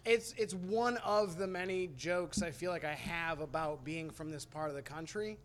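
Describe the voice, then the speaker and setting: A stand-up comedian from New Hampshire, rambling and swearing freely in a casual podcast chat. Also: male voice, fairly high pitch, moderate pace, a bit bright.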